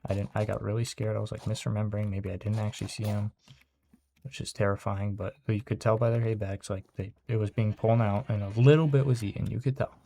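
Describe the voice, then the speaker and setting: A man's voice: lowish voice, flat delivery, fast, gravelly, mellow, a little hiss or hum. A young man telling a casual story in a rambling way, with lots of fillers and swearing, still shaken and upset. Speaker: vlogger.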